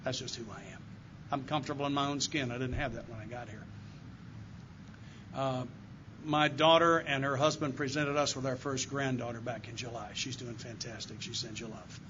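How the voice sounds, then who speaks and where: An older man, an AA circuit speaker, stands before a meeting audience in a meeting room and gives an earnest, heartfelt recovery testimony. His mid-range voice holds a steady tone at normal speed. The background is noisy in this dull lo-fi live recording.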